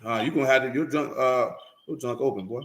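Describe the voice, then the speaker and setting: A man preaching a street-style sermon, heated and profane, often building to shouts. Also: mid-range voice, fast, echoey room, slight background noise.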